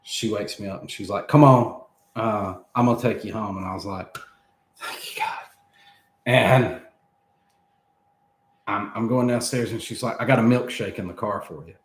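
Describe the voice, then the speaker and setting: A man's voice: lowish voice, fairly quick. Man telling a story in a roomy echo. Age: 30s. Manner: animated, laughing between lines, acts out quoted speech. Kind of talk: casual storytelling.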